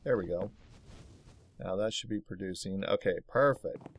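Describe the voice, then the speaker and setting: Low-voiced man muttering through a game. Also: normal speed, a little hiss or hum. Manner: mutters to himself while building, easily aggravated. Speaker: let's play host. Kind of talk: casual gameplay commentary. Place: home office.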